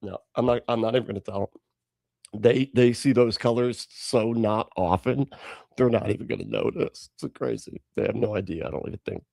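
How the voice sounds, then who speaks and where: A man's voice: mid-range voice, brisk, creaky, a little mellow, no room sound, studio quality. A man hosting a live stream and reacting to clips in casual chat, sarcastic, often laughing and swearing.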